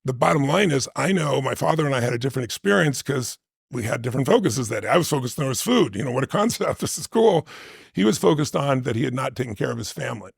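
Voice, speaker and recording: A man's voice: medium pitch, expressive, fast talker, creaky, slightly rough, no room sound, studio quality. A man telling a personal story as a podcast guest, vividly acting out the voices of the people in it. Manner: vivid storytelling, acts out quotes.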